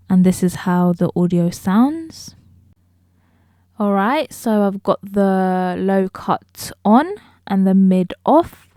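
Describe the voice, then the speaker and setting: A woman talking straight to her viewers as she reviews a microphone, explaining each feature clearly, recorded close on a studio mic in a room at home. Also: fairly low pitch, warm tone, no echo. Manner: explanatory, addresses viewers directly. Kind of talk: casual product review. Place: indoor room. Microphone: close studio dynamic microphone.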